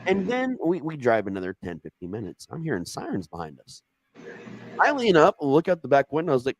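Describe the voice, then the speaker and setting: Casual male storyteller with an Ohio accent, swearing, lively swooping pitch, dry close sound. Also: fairly quick, no echo, poor audio. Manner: animated, swearing, jumps high when quoting himself.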